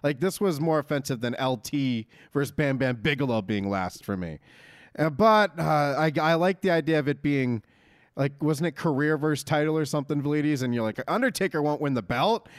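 A man's voice: a little high, animated, a little fast, dry recording, studio quality. A man in his thirties co-hosting a casual wrestling chat, rambling and jokey with mock-announcer asides. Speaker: podcast co-host.

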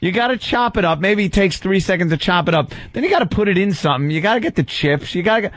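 A man's voice: high voice, expressive, fast, a bit bright, dry recording. A man co-hosting a podcast, ranting sarcastically and with lots of swearing. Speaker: podcast co-host. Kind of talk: casual chat.

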